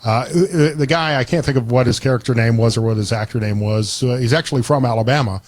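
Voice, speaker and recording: An easygoing man hosts a radio talk show in a relaxed, chatty way and often restarts his sentences. His voice sits in a middle register. The studio sound is dry and close. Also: medium pitch, fast, no room sound. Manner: easygoing, conversational, frequent restarts. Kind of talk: casual talk radio chat.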